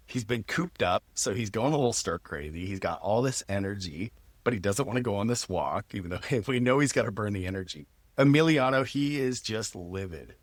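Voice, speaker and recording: A man in his thirties, a podcast host, telling a personal story in a lively, casual way and laughing often. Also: on the low side, no echo.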